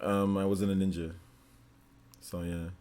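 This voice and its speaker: A man hosting a casual livestream chat, telling animated stories and laughing often. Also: low-pitched, a little slow. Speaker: host. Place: indoors under studio lights. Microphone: on camera.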